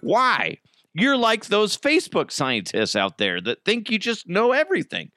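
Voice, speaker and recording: A man's voice: high voice, wildly swooping pitch, measured pace, pushed and bright, soft background music. A man hosting a solo podcast, ranting profanely and mocking his targets. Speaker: podcast host.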